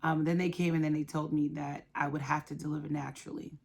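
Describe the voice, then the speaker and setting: A woman in her thirties telling a personal story of loss, soft-spoken and halting, with many pauses. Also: low-pitched, little pitch movement, gravelly, breathy edge. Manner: emotional, quietly reliving a loss. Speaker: guest sharing her story.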